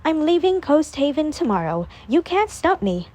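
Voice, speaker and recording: A woman's voice: sits high, very animated, moderate pace, darkish tone, pitched above the performer's own voice. A woman voicing a grieving young woman rehearsing a farewell scene, in an earnest, pleading manner.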